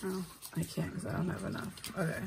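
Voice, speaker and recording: A tired single mother who vlogs about budgeting counts out cash while chatting casually and making self-deprecating asides. Her lowish voice is creaky and a little fast, with flat delivery, and background noise can be heard.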